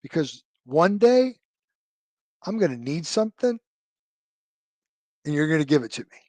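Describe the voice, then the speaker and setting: A man retelling the words of a brisk male army commander, in a commanding tone. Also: fairly high pitch, sing-song, darkish tone, no echo. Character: blunt male army commander giving orders.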